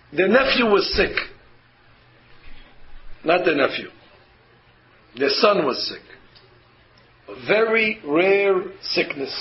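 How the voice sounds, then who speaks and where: A rabbi preaches in a high voice, swinging into the voices of the people in his tales. The recording sounds dull and muffled. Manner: animated storytelling, acts out quoted voices. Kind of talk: sermon with anecdotes.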